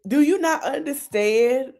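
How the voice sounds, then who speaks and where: A woman hosting a podcast, talking in animated, casual gossip and hedging her claims. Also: sits high, measured pace. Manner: animated, repeatedly hedging with "allegedly". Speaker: podcast host.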